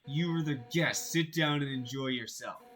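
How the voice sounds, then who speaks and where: A man reading a game aloud while voicing a brash, hot-headed female fish warrior captain in a loud, blunt way. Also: mid-range voice, normal speed, soft background music, close to an everyday voice, poor audio. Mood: pushy. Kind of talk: reading game dialogue aloud on a live stream.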